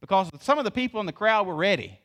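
A man preaching a sermon, his voice sitting a bit higher than most men's. He swings widely up and down in pitch and keeps firing rhetorical questions at his folksy congregation. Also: expressive, fast, a bit bright. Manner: folksy, calls the congregation y'all. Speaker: pastor.

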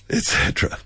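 A man hosting a casual radio English lesson, joking and laughing a lot, dropping Spanish phrases, and losing his voice. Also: sharp tone. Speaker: radio host teaching English.

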